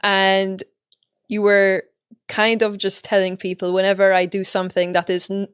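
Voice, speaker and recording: Maltese woman, podcast host, mid-pitched, relaxed chatty delivery, dry close mic. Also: normal speed, clear, resonant tone, no room sound. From Malta. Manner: relaxed, conversational, fillers. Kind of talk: casual interview chat.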